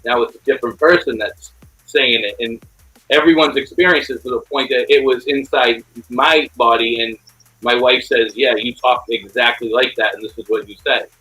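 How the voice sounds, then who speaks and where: Middle-aged podcast host, husky, stumbles and repeats himself, faint music behind. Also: male voice, medium pitch, steady tone, bright, forceful tone, low-quality recording. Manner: halting, repeats words, earnest. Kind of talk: casual podcast chat.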